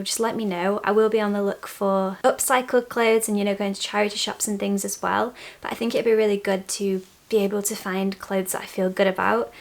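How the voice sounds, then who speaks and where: A young woman vlogging from her bedroom at home, chatting candidly to camera and laughing softly between thoughts. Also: mid-range voice, gravelly. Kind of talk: casual chat to camera.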